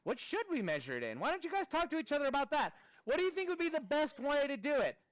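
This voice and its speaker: A man in his thirties teaching a math class, chatting with students in a playful, animated way. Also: very high-pitched, quick pace, no room sound. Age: 30s. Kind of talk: classroom lesson.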